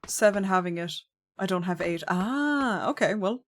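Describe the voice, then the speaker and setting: A woman's voice: mid-range voice, animated, normal speed, soft background music. Chatty American woman streamer. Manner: chatty, reacts aloud to viewer comments. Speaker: game streamer. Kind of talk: casual chat with viewers while playing.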